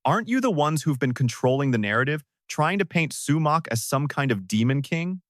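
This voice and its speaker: A man's voice: on the high side, very animated, brisk, no echo, clean studio sound, pitched above the performer's own voice. Man voicing a composed cultivator elder. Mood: smirking. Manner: smirking, composed.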